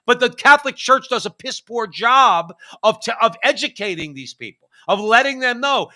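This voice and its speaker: High bright-voiced man ranting. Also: expressive, normal speed, few pauses. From United States. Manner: ranting, emphatic, restarts often. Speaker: co-host. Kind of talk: political commentary chat.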